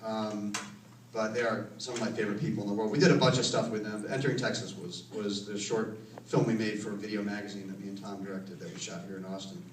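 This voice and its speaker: A man's voice: on the low side, level tone, quick pace. Male filmmaker fielding audience questions, chatty and self-correcting, heard from a distance in a roomy theater. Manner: rambling, self-correcting, laughs while telling stories. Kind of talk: casual Q and A storytelling. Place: cinema auditorium. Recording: roomy, distant from the mic, faint noise.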